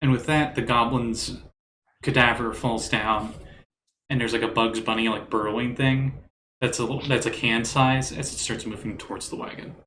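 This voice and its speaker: A man's voice: medium pitch, fairly even intonation, moderate pace, fairly bright tone, reverberant, a little hiss or hum. A man narrating as game master of a tabletop game, casual and loose. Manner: casual, loose, laughs easily.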